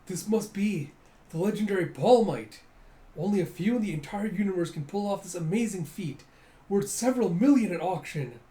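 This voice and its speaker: Man doing an excited, awestruck fight announcer. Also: a little high, normal speed, close to an everyday voice. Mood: awed.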